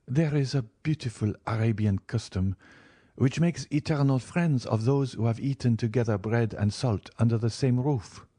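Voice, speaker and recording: A man's voice: medium pitch, normal speed, mellow, no echo, clean studio sound, voice pushed up, close to an everyday voice. A man voicing a sorrowful middle-aged noblewoman in an audiobook, speaking in a plaintive, tremulous way. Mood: searching. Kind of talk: audiobook character reading.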